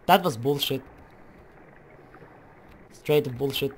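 A woman's voice: rumbling low, slow, darkish tone, slight background noise. A woman casually commenting on her video game play, swearing and apologizing for herself. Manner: sweary and self-deprecating. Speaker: let's play gamer.

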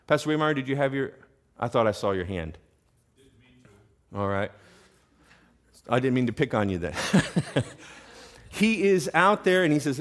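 A man's voice: medium pitch, sing-song, unhurried, long pauses. A man preaching a sermon in a church, talking conversationally and often checking in with the congregation with questions. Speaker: pastor. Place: church sanctuary.

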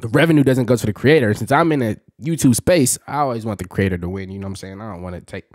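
A man's voice: on the low side, fast, a little mellow, dry recording. A young man hosting a reaction video, rambling casually to his viewers and laughing often.

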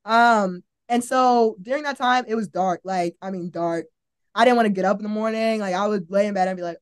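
A woman's voice: mid-range voice, brisk, clean tone. A young woman, a college athlete, telling a personal faith story in a casual, earnest way, often saying "like" and acting out her own past thoughts. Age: young adult. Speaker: college volleyball player, podcast guest.

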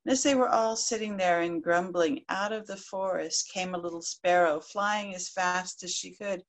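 A woman storyteller narrating a folk tale aloud in a lively, expressive way. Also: fairly low pitch, moderate pace, hardly any pauses. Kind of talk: live oral storytelling.

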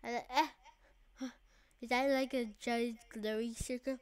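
A woman hosting her own channel, giving casual gameplay commentary in a playful way that swings between quiet mumbling and excited outbursts. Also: a little high, unhurried, long pauses, smooth. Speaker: channel host.

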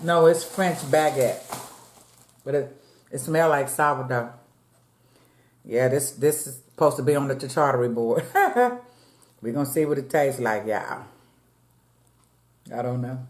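Slow, low-voiced woman chatting while eating. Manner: chatty, addresses viewers as y'all, eats between lines. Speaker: mukbang vlogger. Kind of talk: casual eating-show chat. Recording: echoey room.

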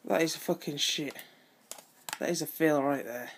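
A woman's voice: low voice, moderate pace. A woman, chatting casually through an unboxing video and swearing freely when things go wrong. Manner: swears freely, frustrated complaints. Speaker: vlogger. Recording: loud background noise.

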